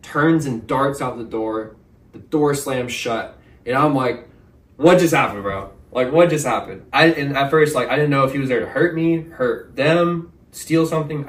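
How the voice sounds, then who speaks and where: A young man, a podcast guest, telling a story in a casual, animated way, full of slang. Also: mid-range voice. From Texas. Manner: animated, slangy, says "bro" and "like" a lot. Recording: roomy, mic at a distance.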